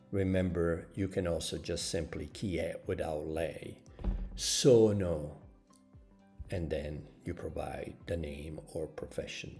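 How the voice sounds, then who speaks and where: A man's voice: low voice, steady tone, slow, vocal fry, dark tone, faint music behind. A man teaching a recorded language lesson, carefully saying example phrases and lifting his voice on questions. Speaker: Italian teacher.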